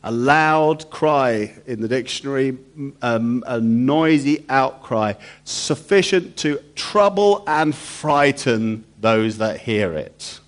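A man's voice: mid-range voice, lively intonation, slow. A man preaching a sermon, emphatic and repetitive, throwing rhetorical questions to the congregation.

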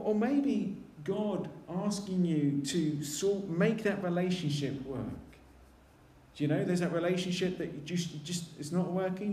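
A man delivering a chatty sermon, his voice sitting high for a man. He slips into little acted voices for the people he quotes. The room around him rings with church echo. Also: mellow. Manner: conversational, acts out quoted voices. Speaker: preacher.

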